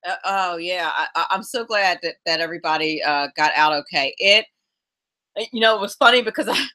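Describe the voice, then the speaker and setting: Bright-voiced woman radio host. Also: on the low side, a little fast. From South Jersey, US. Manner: warm chatty storyteller, many restarts, laughs easily. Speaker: radio talk show host. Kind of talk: casual radio interview chat.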